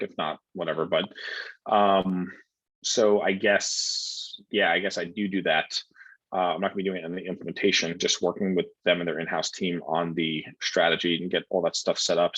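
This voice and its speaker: A man's voice: low voice, fairly even intonation, normal speed, a bit bright, husky, no room sound, low-quality recording. A man coaching students on copywriting, reading their questions aloud and answering bluntly in a casual way, with many fillers.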